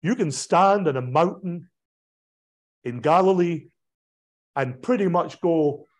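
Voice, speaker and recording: A man, a pastor, giving a conversational illustrated talk, often pausing on fillers and restarting his sentences. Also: a little high. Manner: conversational, digressive lecturing with frequent fillers and restarts. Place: church hall presentation.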